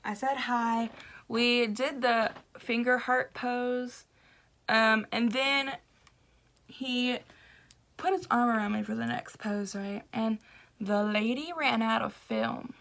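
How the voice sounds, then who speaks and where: Bright-voiced young woman telling a story. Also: fairly high pitch, takes it slowly, vocal fry. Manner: animated, laughing, acts out quoted voices. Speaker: vlogger. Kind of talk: casual storytelling vlog.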